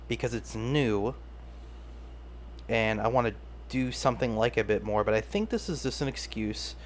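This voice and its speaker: A man's voice: medium pitch, slight background noise. A young man hosting his own podcast, rambling casually and self-deprecatingly, often restarting his sentences. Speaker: podcast host. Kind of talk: casual solo podcast talk.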